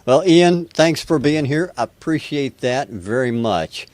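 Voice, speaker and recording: A man's voice: mid-range voice, expressive, a little slow, a little mellow, dry recording. An American man hosting a live music review webcast, chatty and rambling with a self-deprecating touch. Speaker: show host.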